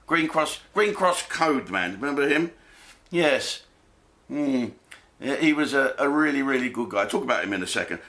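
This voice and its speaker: Swearing comic with a bright voice. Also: male voice, medium pitch. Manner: blokey, swearing, jokey asides and put-on voices. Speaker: comedian host. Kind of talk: comic monologue to camera.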